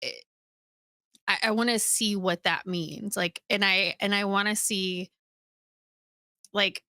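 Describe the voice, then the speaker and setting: A woman with a bright, forward voice chats excitedly on a podcast, stumbling over restarts as she goes. The sound is dry and close. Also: mid-range voice, slow pace, no echo. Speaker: podcast co-host. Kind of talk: casual podcast chat.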